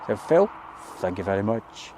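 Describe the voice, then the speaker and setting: Hosting a live stream beside an airport, this man reads off viewers' names and greets each one warmly in a casual, chatty way. His voice is fairly low with big swings in pitch, his pace moderate, and there's background noise.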